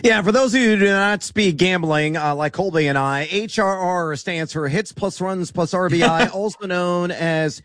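A man's voice: high-pitched, moderate pace, few pauses, a bit bright, no room sound, studio quality. A man co-hosting a radio sports betting show, playful and teasing. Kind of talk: casual radio sports talk.

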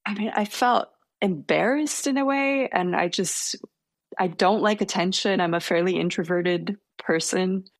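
Young woman guest, gravelly lower voice, close dry sound; hesitant, self-deprecating storyteller. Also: a little slow, no room sound. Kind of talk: casual storytelling interview.

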